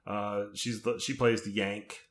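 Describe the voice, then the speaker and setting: A man co-hosting a horror podcast, walking through film plots in a steady, casual chat. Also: on the low side, unhurried. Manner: steady, methodical plot summaries. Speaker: podcast co-host.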